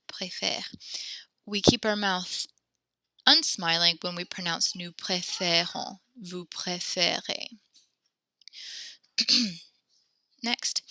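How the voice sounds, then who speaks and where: A woman's voice: fairly low pitch, creaky, pushed and bright, no room sound. A woman teaching a French lesson, explaining grammar step by step with frequent ums and self-corrections. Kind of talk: recorded classroom lesson.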